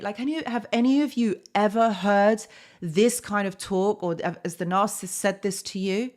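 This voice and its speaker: A woman's voice: medium pitch, moderate pace, a little mellow. A woman hosting a live stream, talking casually to her chat, with many fillers and tag questions.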